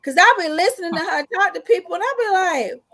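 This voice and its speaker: A woman co-hosts a live chat. Her voice sits high as she teases her friend and reads out comments from viewers. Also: animated, quick pace, a crowd in the background. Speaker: co-host. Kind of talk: casual chat.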